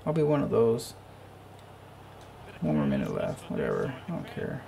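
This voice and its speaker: Muttering and swearing to himself in frustration about lag, a young man hosting a gaming channel comments live on his football video game play. His voice is on the low side, gravelly and dark, with huge pitch swings and a moderate pace, and the talk is casual and profane.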